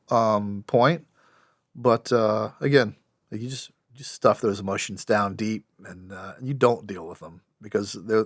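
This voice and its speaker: A man's voice: mid-range voice, a bit bright, no echo, studio quality. Plainspoken man telling war stories. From United States. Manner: plainspoken, wry, with frequent restarts. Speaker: podcast guest, former special operations soldier. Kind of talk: storytelling in a podcast interview.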